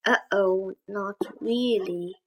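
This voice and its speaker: A woman voicing a cautious, worried young boy in a read-aloud storybook, slightly higher and more excited than her narration. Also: slow, poor audio. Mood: urgent.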